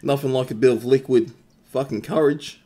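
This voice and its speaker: A man's voice: mid-range voice, fairly even intonation, moderate pace, warm tone. A young Australian man hosting a game tournament live-stream, chatting casually with his viewers and swearing freely.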